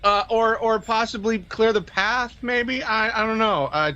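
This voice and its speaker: A man's voice: high voice, measured pace, sharp tone, smooth. A man co-hosting a casual live stream and presenting news stories, talking emphatically and repeating his words. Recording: dull lo-fi dry mic.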